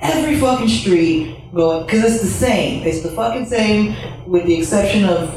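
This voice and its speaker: A woman's voice: mid-range voice, expressive, moderate pace, a little mellow. A woman tells a personal story in a blunt, profane, candid way, breaking into laughing asides. Her voice sits in a very echoey room. She is some distance from the mic. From Chicago. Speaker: storyteller on stage.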